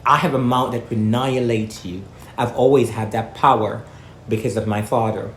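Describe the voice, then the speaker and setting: A woman's voice: moderate pace, a little hiss or hum. Outspoken woman from Jamaica, echoey room. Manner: blunt, outspoken, swears freely, lively swings in pitch. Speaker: vlogger. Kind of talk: casual monologue to camera. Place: room with echo, eating while talking.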